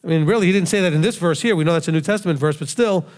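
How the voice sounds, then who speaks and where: High-voiced man preaching in echoey hall. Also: rapid-fire. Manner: emphatic, with rhetorical questions and self-answers. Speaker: rabbi teacher. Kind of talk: conversational sermon teaching. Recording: long hall reverb.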